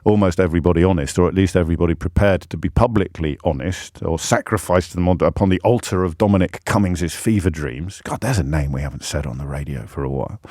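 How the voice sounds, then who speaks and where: A man's voice: lowish voice, darkish tone, dry recording. A man hosting a phone-in radio show from a studio, talking in a sardonic, mocking way with frequent asides. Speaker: radio talk show host. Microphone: studio microphone.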